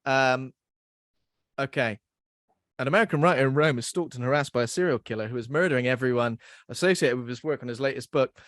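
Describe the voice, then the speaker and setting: A man's voice: mid-range voice, quick pace, fairly bright tone, no room sound, clean studio sound. A young man hosting a podcast in casual chat, rambling and self-deprecating as he laughs at his own jokes. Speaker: podcast host.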